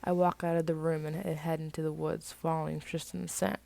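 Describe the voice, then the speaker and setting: Gravelly woman reading her own story. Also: low-pitched, level tone, a little fast, warm tone. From United States. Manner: casual asides between reading. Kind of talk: first-person story reading.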